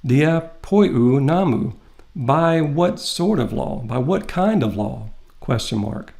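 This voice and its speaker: Guy giving a recorded greek lesson, methodical, goes through it bit by bit with pauses, medium pitch. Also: expressive, creaky, darkish tone. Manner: methodical, explains step by step with pauses. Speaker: Greek teacher. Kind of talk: recorded lecture walking through a text.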